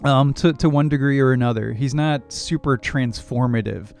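A man co-hosting a podcast in casual movie-review chat, quick to laugh and often correcting himself mid-sentence. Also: medium pitch, creaky, darkish tone, soft background music. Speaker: podcast co-host.

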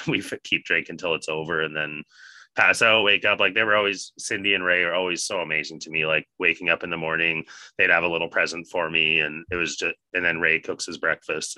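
Man, deep voice, bright tone, dry sound, casual swearing storyteller. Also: dry recording. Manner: profane, animated, laughs while telling. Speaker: guest telling a story.

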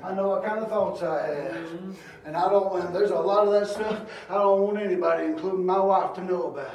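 A man preaching a sermon, moving between quiet storytelling and shouted exhortation. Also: high voice, brisk, creaky, recorded from a distance. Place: church. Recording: echoey church hall.

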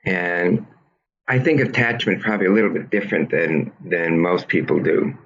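A man's voice: sits low, moderate pace, lo-fi sound. A man being interviewed as a trauma therapist, giving thoughtful, teacherly explanations with frequent restarts.

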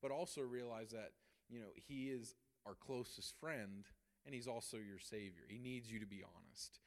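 A young man teaching a church Bible study lesson, energetic, laughing often and acting out quotes. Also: lowish voice, moderate pace.

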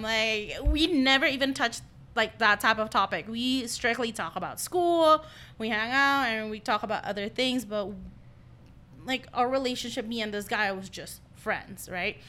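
Young woman podcast host, bright voice, chatty, acts out what people said. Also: fairly high pitch, normal speed. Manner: storytelling, quotes others in her tales. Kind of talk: casual chat.

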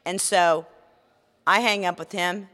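A woman in her forties, a podcast co-host telling a story in casual chat, swearing freely and animated. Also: on the low side, takes it slowly, no echo.

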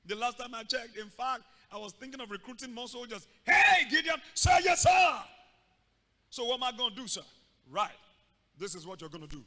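A male pastor preaching a sermon, acting out scenes and bursting into loud shouts. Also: very high voice, fast. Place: church hall. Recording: long reverb of a large hall.

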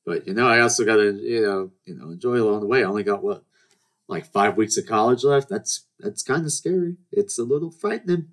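A man's voice: fairly low pitch, fairly quick. Rambling young man telling stories. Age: 20s. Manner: rambling, full of restarts and acted-out dialogue. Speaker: podcast host. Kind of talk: casual storytelling monologue.

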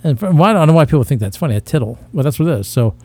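Guy cohosting a podcast, dark mellow voice, bragging and rambling, crude jokes. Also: fairly high pitch, expressive, racing, slightly rough, dry recording. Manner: boastful, rambling, self-mocking with frequent laughs. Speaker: podcast co-host. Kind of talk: casual crude comedic banter.

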